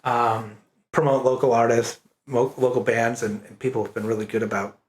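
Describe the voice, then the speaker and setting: A man's voice: mid-range voice, flat delivery, moderate pace. A man from Maine, a cartoonist guest on a podcast, telling stories with a laugh and plenty of "like" fillers. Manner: laughing storyteller, many "like" fillers. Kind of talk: casual interview chat. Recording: roomy echo, faint hiss.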